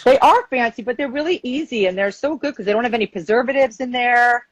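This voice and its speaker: A woman's voice: a little high, fast talker, noisy background. A woman from Long Island working as a guest chef, talking casually through a cooking demonstration with lots of "like" fillers. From Long Island, New York. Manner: chatty, relaxed, lots of "like" fillers. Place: home kitchen.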